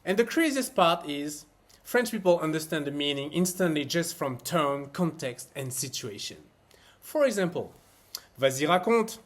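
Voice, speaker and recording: A man teaching everyday French phrases in a scripted lesson. His voice sits a little high for a man and swoops through a wide, animated range. He leans on key words with expressive emphasis. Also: moderate pace.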